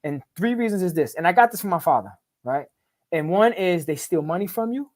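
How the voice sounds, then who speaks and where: Man guest, rapid-fire street-slang storyteller, swears a lot, keeps saying right. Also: high voice, animated, darkish tone. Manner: repeats and restarts words in quick bursts. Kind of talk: casual storytelling interview.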